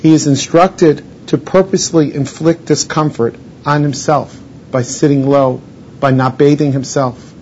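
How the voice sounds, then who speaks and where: A man, a rabbi, teaching a Torah lesson and explaining each Hebrew term in English. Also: a little mellow. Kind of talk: Torah lesson on mourning laws. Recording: dull lo-fi recording with faint rumble.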